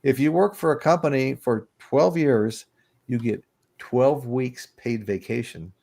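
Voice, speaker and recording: A man's voice: medium pitch, unhurried, creaky, a little mellow. Man, sixties, livestream host, casual chat, rambling, chuckling. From United States. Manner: rambling storyteller, chuckling, greets chat viewers.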